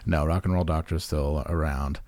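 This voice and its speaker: A man's voice: extremely low pitch, steady tone, brisk, darkish tone, no echo, clean studio sound. A man co-hosting a casual podcast chat, rambling and self-deprecating, restarting his sentences often. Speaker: podcast co-host.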